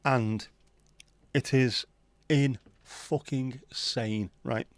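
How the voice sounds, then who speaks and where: Male stream host, mid pitch, dry close sound, loose sweary banter. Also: fairly even intonation, extremely slow, dry recording. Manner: chatty, sweary, banter-filled. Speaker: livestream host. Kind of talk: casual chat reading viewer comments.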